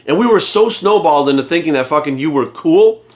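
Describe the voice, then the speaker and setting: A fired-up man rants straight to camera, swearing freely and firing off rhetorical questions. His voice sits a bit higher than most men's. He talks as a fitness coach hosting his own channel. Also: expressive, a little fast. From United States. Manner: heated, profane, rhetorical questions. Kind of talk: angry rant to camera.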